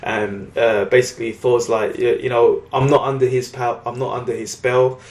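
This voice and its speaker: A man's voice: mid-range voice, little pitch movement, normal speed, roomy sound. A man casually recapping a comic book story on a podcast, rambling and acting out the characters' lines. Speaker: podcast co-host.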